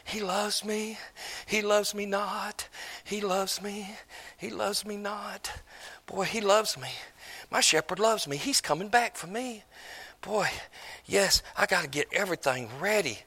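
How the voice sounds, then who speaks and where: A man's voice: high-pitched, a little slow, sharp tone, slightly rough, pitched above the performer's own voice, exaggerated voice. A man voicing a young lovestruck shepherdess bride, breathless and gushing. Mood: dreamy.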